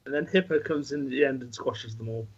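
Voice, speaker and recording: A man on a podcast panel throwing in quick teasing jokes during casual chat. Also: medium pitch, breathy edge, dull audio.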